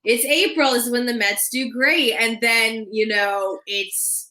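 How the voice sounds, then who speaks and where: A woman's voice: fairly high pitch, fairly even intonation, slow, sharp tone. A woman chatting casually as a guest, talking in a loose, chatty way with plenty of "I feel like" and "like.". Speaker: guest, former cheerleader and lifelong fan. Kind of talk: casual chat.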